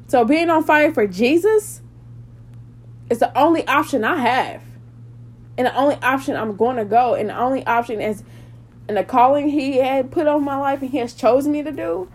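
Woman with a kinda high voice preaching on her podcast, fervent and emphatic. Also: animated, moderate pace. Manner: fervent, emphatic, prays aloud. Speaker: podcast host.

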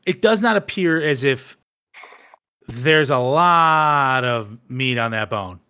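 A man's voice: medium pitch, animated, slow, bright, forceful tone, clear, resonant tone. A man in casual chat, answering briefly and asking easygoing questions.

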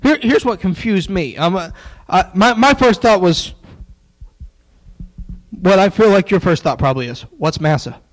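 A man preaching a sermon in a folksy, joking way, dropping into quiet asides. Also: sits high, expressive, moderate pace, long pauses, poor audio.

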